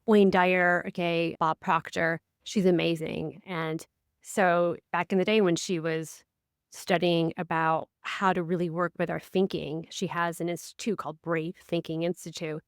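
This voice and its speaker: Animated woman podcast host. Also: a little slow, smooth, dry recording, clean studio sound. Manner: animated storyteller, acts out quotes with big pitch swings. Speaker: podcast co-host and life coach. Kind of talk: casual podcast chat.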